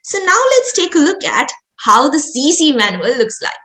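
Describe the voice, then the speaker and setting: A young woman on a video call explaining presentation slides to new members in a steady, explanatory way. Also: sits high, moderate pace, reverberant, poor audio. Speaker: club presenter at orientation.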